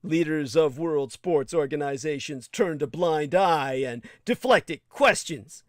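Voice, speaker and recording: A man with a fairly high voice delivers an indignant livestream monologue. He reads aloud and cuts in with blunt, profane remarks. The sound is close and dry. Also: lively intonation, slow pace, no room sound. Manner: indignant, blunt, swears freely. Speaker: livestream host. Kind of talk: monologue reading and commenting.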